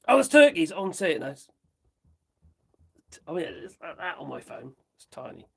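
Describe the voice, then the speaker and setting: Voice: medium pitch, sing-song, measured pace, gravelly, fairly bright tone, breathy edge. A host chatting loosely on a livestream, rambling, giggling and muttering while reading off a phone. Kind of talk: casual livestream chat reacting to viewers.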